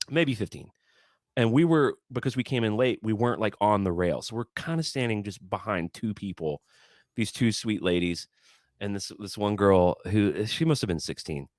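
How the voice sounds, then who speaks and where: A man with a fairly low voice chats on a podcast as a guest musician, his pitch rising and falling a lot as he gets carried away. He often stammers and repeats words as he tells his stories. The sound is close and dry. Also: no room sound. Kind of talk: casual storytelling chat.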